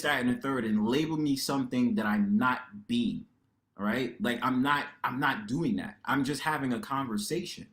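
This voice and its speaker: A man hosting a livestream panel, talking casually in a loud, expressive way, full of slang and rhetorical tags. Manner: loud and expressive, lively pitch swings.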